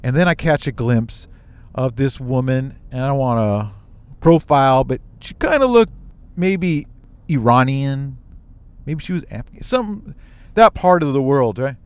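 A man from the United States telling a personal story on his own show, animated and emotional, with quick asides. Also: mid-range voice, smooth, no room sound.

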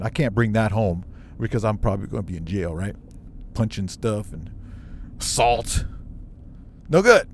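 A man from the United States telling a personal story on his own show, animated and emotional, with quick asides. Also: medium pitch, a little hiss or hum.

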